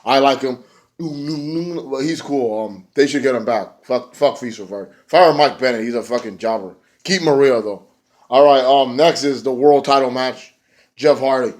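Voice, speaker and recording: Male reviewer, casual recap, loose and profane, with mid-range pitch. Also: moderate pace. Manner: rambling, profane, many fillers. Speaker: wrestling show reviewer.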